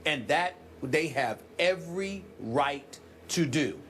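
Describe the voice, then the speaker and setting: A man co-hosting a sports debate show in a TV studio, talking forcefully and building emphasis while a little under the weather. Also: a little high, animated, takes it slowly, slight background noise. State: sick, clears throat.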